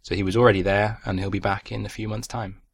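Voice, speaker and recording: A man hosting an astronomy podcast, reading out listener feedback and closing notes in a relaxed, scripted way. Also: on the low side, fast talker, breathy edge. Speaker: podcast host.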